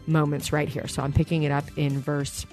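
A woman preacher giving an earnest sermon and reading scripture at a steady pace. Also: deep voice, brisk, music in the background.

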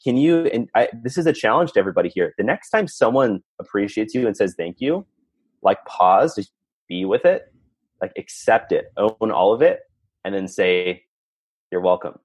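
A man's voice: on the low side, sing-song, normal speed, husky, no echo. A man guest on a podcast, telling personal stories in an earnest, reflective way, talking in long run-on stretches. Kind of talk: candid storytelling conversation.

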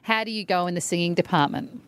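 A woman's voice: fairly low pitch, fast, a bit bright, clear, resonant tone. A woman in her forties co-hosting a radio show, playful and teasing, always firing off questions. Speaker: radio co-host. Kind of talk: casual radio banter.

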